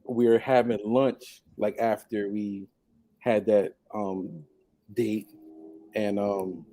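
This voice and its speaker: A man telling a personal story on a podcast in a casual, animated way, laughing often and mimicking others. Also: on the low side, slow, no room sound. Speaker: podcast guest.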